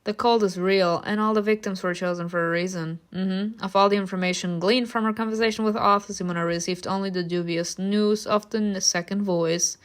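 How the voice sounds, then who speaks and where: A woman's voice: mid-range voice, steady tone, fairly quick, hardly any pauses. A woman reading a story game aloud to viewers, breaking off into blunt, swearing asides. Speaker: game streamer reacting.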